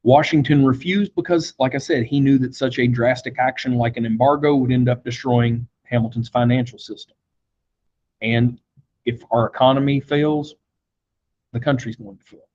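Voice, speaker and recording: A man lectures on history to a class, keeping it conversational with frequent fillers and quick acted quotes. His medium-pitched, slightly mellow voice has fairly even intonation and normal speed, and the highs are cut off.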